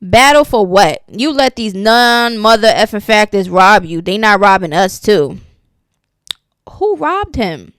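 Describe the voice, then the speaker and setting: A woman's voice: medium pitch, measured pace, few pauses, fairly bright tone, smooth, no echo, clean studio sound. A woman giving sassy, casual gossip commentary, reading posts aloud and reacting to them. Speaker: commentary channel host.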